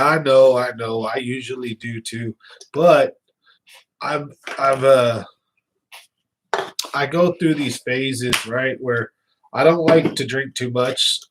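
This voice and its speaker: A young man talks loosely to his viewers on a live stream, rambling from one thing to the next and breaking into laughs. His voice sits at a middle pitch and sounds a bit stuffy from sinus trouble. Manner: chatty, rambling, laughs often. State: slightly congested with sinus trouble. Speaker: fishing channel host.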